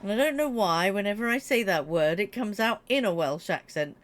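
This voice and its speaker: A woman chatting casually with her viewers during a live stream, animated and quick to laugh. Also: mid-range voice. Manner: chatty and animated, laughing, talking straight to chat. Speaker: Twitch streamer.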